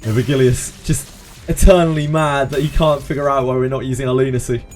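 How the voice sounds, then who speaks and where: A man's voice: medium pitch, fairly even intonation, brisk, a little mellow, faint music behind. Male streamer, West Country accent, loose and chatty, laughs a lot, mid-range voice. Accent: West Country English. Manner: chatty, joking, laughs often. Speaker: game streamer. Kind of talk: casual live-stream commentary.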